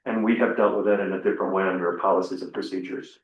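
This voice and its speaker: A man, the town administrator, explaining a code of conduct to the board in a measured, accommodating way. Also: low-pitched, steady tone, reverberant, highs cut off. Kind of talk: public meeting explanation.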